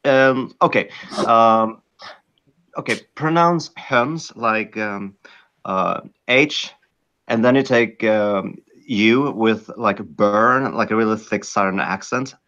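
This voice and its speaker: A man with a Swedish accent talks in a lowish voice, hesitating often and restarting his sentences. His audio sounds dull and lo-fi, as if recorded on a modest setup. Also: takes it slowly, a bit bright. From Sweden. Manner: hesitant, many fillers and restarts. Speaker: guest. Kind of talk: casual podcast chat.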